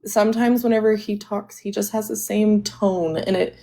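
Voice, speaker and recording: A woman's voice: mid-range voice, fairly even intonation, normal speed, warm tone. A woman panelist in a casual chat who speaks hesitantly, stammering and restarting her sentences.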